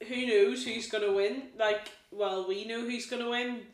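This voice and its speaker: A woman's voice: a little high, fairly even intonation, a little slow. A woman hosting a casual radio show, upbeat and giggly as she interviews a caller. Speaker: host. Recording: roomy studio echo.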